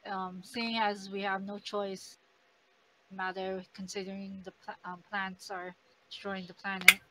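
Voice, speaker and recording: A woman playing a tabletop game, speaking in a hesitant, halting way with many fillers. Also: mid-range voice, little pitch movement, heavy background noise. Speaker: player. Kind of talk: casual game talk.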